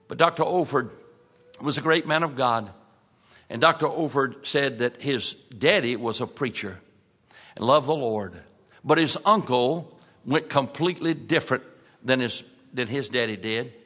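Man preaching, folksy, mid-pitched, long church-hall reverb. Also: slightly rough. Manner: folksy preaching, slows for emphasis, drops soft at key points. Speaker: pastor. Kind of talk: sermon. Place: large church sanctuary.

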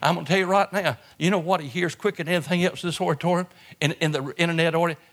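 A man delivering a sermon in an auditorium, with impassioned preaching that swings from hushed, low phrases to loud outbursts, often repeating words and restarting phrases. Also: fairly even intonation, racing. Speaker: pastor. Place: auditorium with an audience.

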